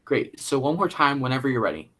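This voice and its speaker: A man playing a bright, anxious casting director. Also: medium pitch, big pitch swings, quick pace. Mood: coaxing. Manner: polite, then pleading and exasperated. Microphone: video call.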